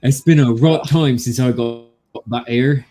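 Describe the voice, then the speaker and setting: A man's voice: medium pitch, fairly even intonation, a little slow, warm tone, faint music behind, lightly acted. A man voicing a big, bristly, friendly male adventurer with a folksy, hearty way of talking.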